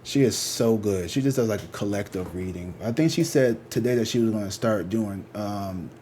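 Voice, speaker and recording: A man's voice: lowish voice, moderate pace, dark tone, a little hiss or hum. A man who reads tarot, chatting casually and rambling to his viewers, slangy and swearing freely. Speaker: tarot reader.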